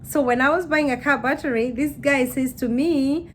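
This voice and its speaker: A woman's voice: sits high, normal speed, slight background noise. A woman chatting casually to her camera, laughing as she acts out what people say. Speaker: YouTuber.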